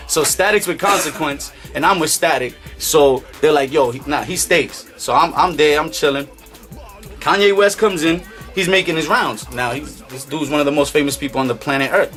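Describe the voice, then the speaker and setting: A man's voice: on the high side, normal speed, faint music behind. A man casually telling a story in streetwise slang, acting out what people said. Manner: animated, streetwise slang, acts out quotes.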